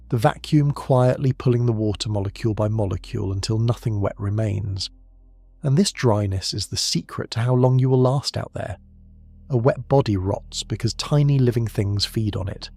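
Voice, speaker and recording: A man giving slow, measured, grave scripted documentary narration about science, in short deliberate phrases. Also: medium pitch, vocal fry, darkish tone, no room sound.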